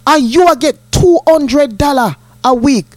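A woman's voice: high-pitched, unhurried, dry recording. A woman with a Jamaican accent telling a story in an indignant, emphatic way, repeating herself as she makes her point. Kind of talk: storytelling monologue.

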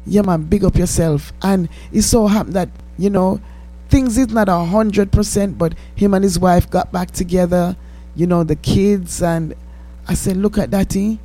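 A woman's voice: fairly low pitch, steady tone, measured pace, warm tone. Fervent Jamaican woman preaching on radio. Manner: fervent, pleading, slips into patois. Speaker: radio host and minister.

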